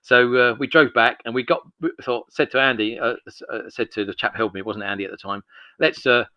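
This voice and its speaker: A man's voice: mid-range voice, steady tone, fast talker, no echo, muffled recording. A man in his sixties from London with a North London accent, a podcast guest telling long, rambling anecdotes in a chatty way. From London, England. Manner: chatty, acts out dialogue in anecdotes. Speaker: podcast guest, miniatures business owner.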